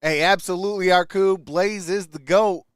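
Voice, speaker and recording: A man's voice: sits high, fairly even intonation, moderate pace, clean tone, no echo, clean studio sound. Upbeat man hosting a live stream. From Michigan. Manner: greets chat viewers by name, upbeat shout-outs. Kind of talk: casual live stream chat.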